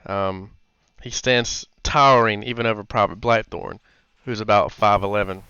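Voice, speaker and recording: A man's voice: fairly low pitch, fairly even intonation, moderate pace, sharp tone, clear, resonant tone, no room sound, muffled recording. A man running a tabletop game as game master, casual and thinking aloud.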